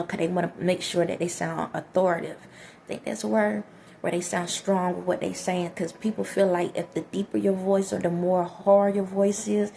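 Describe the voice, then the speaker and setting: A woman vlogger with a soft voice giving direct, preachy life advice to her viewers, often checking in with the listener. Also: medium pitch, creaky, a little hiss or hum. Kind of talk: direct-to-camera motivational talk.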